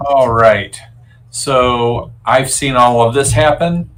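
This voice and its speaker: Slow-talking playful man player. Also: medium pitch, fairly bright tone, low-quality recording. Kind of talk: casual tabletop play.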